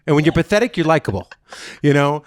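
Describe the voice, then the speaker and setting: Animated self-mocking man telling a story. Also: a little high, fast, dry recording, studio quality. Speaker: podcast host. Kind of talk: casual chat, storytelling.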